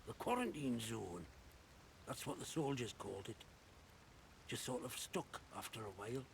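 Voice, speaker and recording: An actor voicing a wary, chatty male survivor in a game, with a gravelly, rambling way of talking. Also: mid-range voice, expressive, normal speed, slight background noise. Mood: wary chatter. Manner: rambling, gossipy, suspicious of strangers. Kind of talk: video game dialogue.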